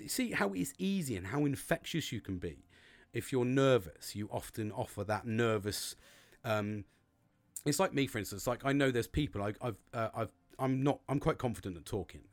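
A man hosting his own talk show, chatting casually and swearing a lot as he acts out his own thoughts. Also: medium pitch. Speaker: podcast host. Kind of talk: casual monologue.

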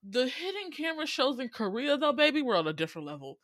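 A young woman co-hosting a casual chat, telling stories in an animated way, acting out quotes and swearing freely. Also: sits high, fast, no echo, clean studio sound. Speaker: podcast co-host.

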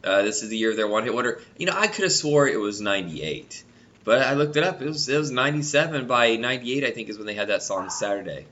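A man with a head cold chatting casually about nineties music, his nasal voice stuffed up and deeper than usual. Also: animated, fast, sharp tone, lo-fi sound. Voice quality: normally nasal voice.

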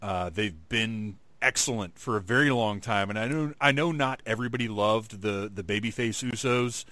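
A man's voice: lowish voice, normal speed, bright, forceful tone, no room sound. A man co-hosting a casual chat, talking with enthusiasm and laughing easily. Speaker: podcast co-host.

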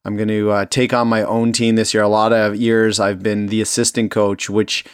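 A man with a lowish voice chats casually on a podcast, easygoing and a bit hesitant as he talks. The sound is dry and close, with no room around it. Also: flat delivery, moderate pace, clear, resonant tone, no echo. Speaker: podcast co-host. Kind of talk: casual chat.

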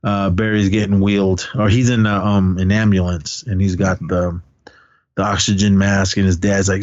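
A man's voice: deep voice, little pitch movement, normal speed, darkish tone, no echo, lo-fi sound. A man co-hosting a podcast, casually retelling movie scenes, often laughing and swearing now and then. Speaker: podcast co-host. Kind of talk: casual movie recap chat.

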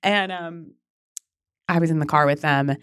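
Woman guest, 30s, chatty and swears a bit, lowish voice, dry close sound. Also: measured pace, clean tone, dry recording. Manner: chatty, animated, swears casually. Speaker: podcast guest, memoir author. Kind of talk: candid storytelling.

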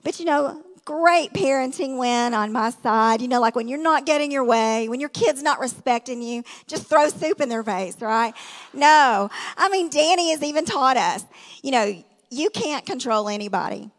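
A woman's voice: sits high, lively intonation, normal speed. A middle-aged woman giving a sermon as a guest speaker, telling stories in a conversational way with lots of asides and rhetorical questions. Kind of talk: storytelling sermon. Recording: reverberant hall.

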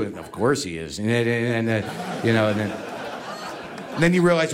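A man performing a stand-up comedy routine, ranting and self-mocking, swinging between muttering and shouting. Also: mid-range voice, fairly quick, a crowd in the background.

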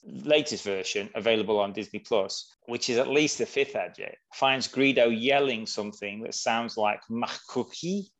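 A man hosting a casual chat, moving briskly through his talking points. His pitch sits in the middle range. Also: a bit bright. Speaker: podcast host.

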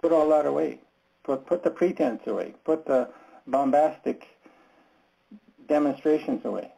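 Brief: man, Bible study leader, gravelly dark husky voice, earnest, halting and direct. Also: medium pitch, poor audio. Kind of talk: candid group Bible discussion.

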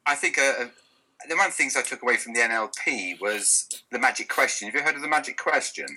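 A man hosting a podcast conversation, his voice very bright and sharp-edged yet husky. He tells stories from his practice in a relaxed, easygoing way and often chuckles at them. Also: mid-range voice, quick pace, rough recording. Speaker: podcast host and health practitioner. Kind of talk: conversational interview.

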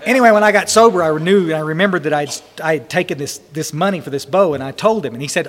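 A man's voice: a little high, quick pace, few pauses, fairly bright tone, big-room sound. A man answering questions at a recovery meeting, talking in an emotional, rambling, folksy way.

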